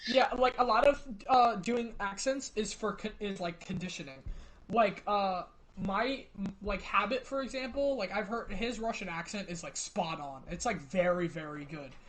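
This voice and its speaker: A man's voice: sits high, moderate pace, fairly bright tone, slight background noise, low-quality recording. A young man on a casual podcast, rambling with stammering restarts and casual swearing. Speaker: podcast guest, roleplayer.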